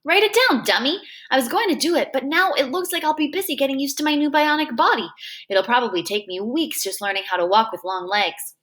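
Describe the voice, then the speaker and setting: A woman's voice: high-pitched, lively intonation, a bit bright, pitched above the performer's own voice. A woman reading aloud and voicing a clever, sickly boy who bosses his friend around in a small, whispery voice. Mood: bossy. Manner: quick, bossy, joking.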